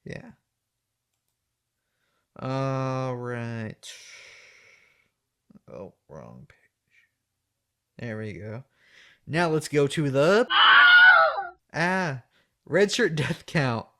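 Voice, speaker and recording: A man's voice: medium pitch, expressive, drawn-out words, long pauses. A man hosting a podcast, recapping an episode in a loose, joking way. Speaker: podcast host.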